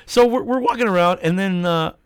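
A man's voice: high voice, a little fast, clear, resonant tone, dry recording, clean studio sound. A man co-hosting a casual podcast chat, telling stories with lots of swearing and laughter. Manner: profane, storytelling, laughs often. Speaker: podcast co-host.

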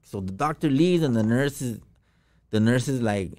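A man's voice: mid-range voice, animated, normal speed, a little mellow. A man telling a personal story as a podcast guest, in slangy, profane casual talk full of fillers.

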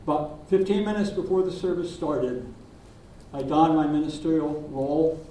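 Older male minister, gentle reflective sermon, mellow tone, heard from across an echoey sanctuary. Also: fairly high pitch, distant mic, a little hiss or hum. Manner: gentle, reflective storytelling with pauses. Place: church sanctuary.

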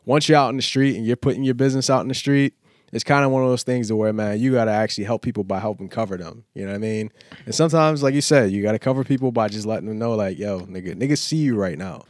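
A man's voice: mid-range voice, steady tone, rapid-fire, no room sound, clean studio sound. A man chatting casually on a podcast, rambling and laid-back with heavy slang. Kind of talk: casual chat.

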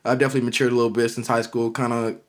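A young man co-hosts a loose podcast conversation. He talks in a relaxed, reflective way, full of fillers. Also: mid-range voice, very fast. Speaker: co-host. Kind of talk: casual podcast chat.

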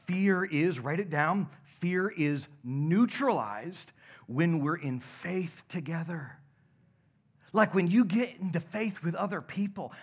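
A young adult male pastor preaching a sermon, telling stories animatedly and dropping to a hush at points. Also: on the high side, breathy edge. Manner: animated, shouts and laughs in stories, drops to a hush. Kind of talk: sermon with storytelling. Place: church sanctuary.

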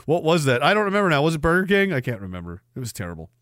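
A man's voice: on the high side, very animated, rapid-fire, a bit bright, dry recording, clean studio sound. A man hosting a livestream, reading chat aloud in a profane, sardonic way and laughing often. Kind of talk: casual chat.

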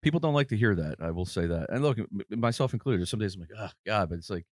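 A man co-hosting a casual podcast chat, often chiming in with quick agreement. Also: fairly low pitch, lively intonation, a little mellow, dry recording, studio quality. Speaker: firefighter co-host.

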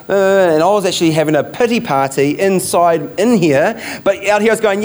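Emphatic New pastor, higher voice. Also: male voice, fairly quick, few pauses, darkish tone. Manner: emphatic, repeats key phrases, rhetorical questions. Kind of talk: sermon.

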